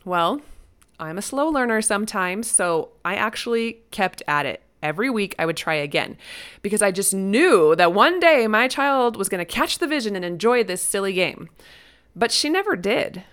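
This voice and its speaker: A middle-aged woman telling a personal story about her childhood and her own children. She talks casually and jumps into high, loud voices when she quotes herself and her daughters. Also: moderate pace, clear, resonant tone. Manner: animated, acts out voices with sudden high-pitched quotes.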